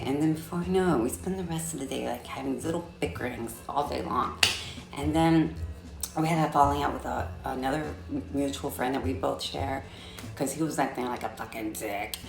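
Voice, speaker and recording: A woman telling a story in a casual vlog, sassy and profane, with animated delivery. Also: rumbling low, creaky, roomy sound. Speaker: vlogger.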